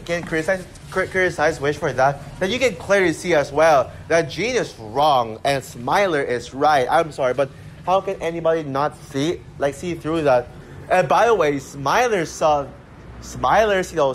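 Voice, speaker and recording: A man's voice: a little high, a little hiss or hum. A man giving an exasperated, rambling movie rant, swearing often. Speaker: movie reviewer. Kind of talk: casual rant.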